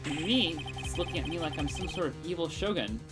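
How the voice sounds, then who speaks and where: A woman's voice: deep voice, lively intonation, fairly quick. A woman voicing an exasperated young male defense attorney. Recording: game music playing behind.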